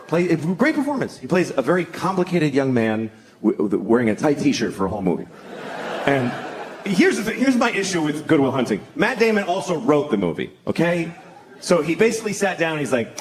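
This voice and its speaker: A man's voice: fairly high pitch, huge pitch swings, fairly quick, noisy background. A middle-aged man doing crude, mocking stand-up comedy and acting out other people's voices. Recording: live show with crowd laughter.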